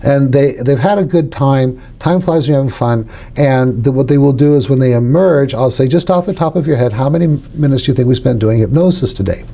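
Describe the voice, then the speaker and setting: A man's voice: mid-range voice, fairly quick, vocal fry, few pauses, mellow. A middle-aged man, a hypnotherapy trainer, explaining techniques in an instructional podcast chat and acting out suggestions aloud.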